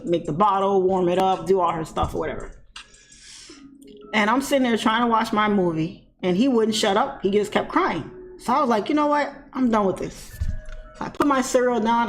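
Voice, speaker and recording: An animated woman chatting casually to her live-stream viewers, laughing freely as she tells stories. Her pitch sits in an ordinary middle range. When she acts out other people, her voice jumps up to a shriek. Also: slight background noise. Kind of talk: casual storytelling to a live chat.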